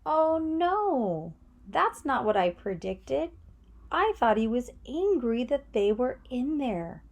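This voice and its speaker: Woman teacher, reading lesson, encouraging, asks questions, animated pitch, slow. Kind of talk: read-aloud reading lesson.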